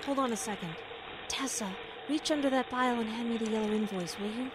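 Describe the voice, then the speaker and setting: Actress as a frazzled busy bride, high pitched, businesslike, noisy background. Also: female voice, a little fast, close to an everyday voice. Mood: harried. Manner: harried and businesslike.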